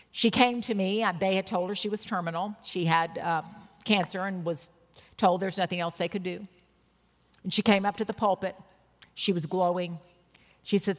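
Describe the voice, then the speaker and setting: A woman in her sixties preaches in a church, her mid-pitched voice carrying personal stories with earnest, emphatic bursts. Her words ring with the long reverb of a large hall. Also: fairly bright tone.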